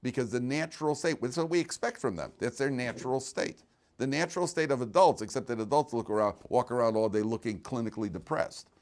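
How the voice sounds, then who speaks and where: A fast-talking man with a mid-range voice teaches a casual Torah class, cracking jokes and chatting. He keeps starting sentences over and poses rhetorical questions to his audience.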